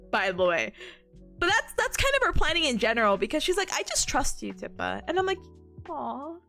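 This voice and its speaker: A giggly woman streamer with a high, bright voice that leaps around as she tells a story. She chats casually, bubbly and quick to laugh, her voice a little worn from long talking, with faint music playing behind her. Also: huge pitch swings. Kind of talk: casual chat.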